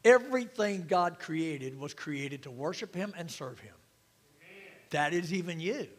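A man with a high voice preaches a sermon to his congregation in a church, and his words ring with a long hall reverb. He mixes easy humor and questions to the crowd into his teaching. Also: animated, measured pace. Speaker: pastor.

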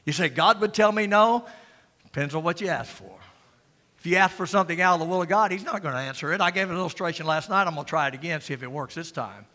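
An older man delivers a folksy, joking sermon. His voice sits high and rings bright. It echoes with the long reverb of a church sanctuary. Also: racing. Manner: folksy, joking, swings from loud preaching to quiet asides. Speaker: pastor.

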